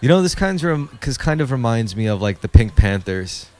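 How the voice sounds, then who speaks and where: A man's voice: mid-range voice, sing-song, normal speed, darkish tone. A man co-hosting a podcast, chatting loosely and profanely while reacting to music videos. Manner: loose, profane, wandering commentary. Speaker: podcast co-host. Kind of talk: casual chat while watching music videos.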